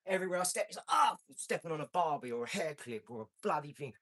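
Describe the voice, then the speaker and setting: A man, hosting a casual live stream, brash and boastful, with slang and swearing, swinging from loud outbursts to low mumbling. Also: lively intonation, very fast. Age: 40s.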